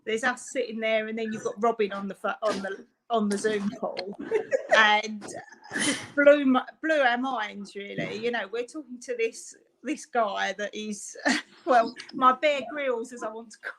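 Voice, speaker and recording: A woman's voice: a little high, measured pace, a bit bright, slight background noise, poor audio. Chatty mother on a video call. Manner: chatty, rambling, many fillers. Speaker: parent of a fundraiser. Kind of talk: casual chat on a video call.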